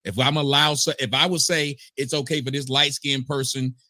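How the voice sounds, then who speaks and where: A man's voice: medium pitch, flat delivery, moderate pace, bright, forceful tone, no echo, studio quality. A man in a live-streamed discussion, argumentative and sarcastic, restarting to push his point.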